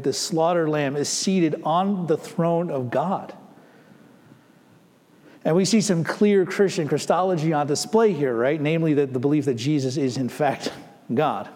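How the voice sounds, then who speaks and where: A man preaching a sermon in a fairly high voice, the words trailing off into a long hall reverb. He checks in with the congregation through rhetorical questions and slows right down to press home key phrases. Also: a little mellow. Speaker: pastor.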